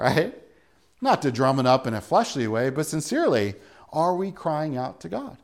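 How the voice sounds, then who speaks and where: A man's voice: a little high, sing-song, moderate pace. A male pastor preaching a sermon in an earnest way, building to emphatic peaks.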